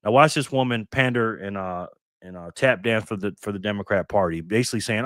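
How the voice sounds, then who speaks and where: A man's voice: on the low side, a little fast, a bit bright, dry recording, clean studio sound. A man hosting a casual live stream, ranting bluntly with frequent swearing and thanking viewers by name. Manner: blunt, profane, ranting commentary.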